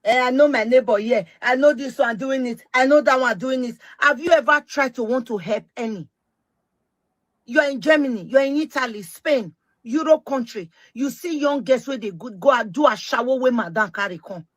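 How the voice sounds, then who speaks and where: Speaking in Nigerian Pidgin English, this middle-aged woman rallies her social media audience with an impassioned, emphatic rant, hammering her points again and again. Her pitch is high, her speed normal, and there's no room sound.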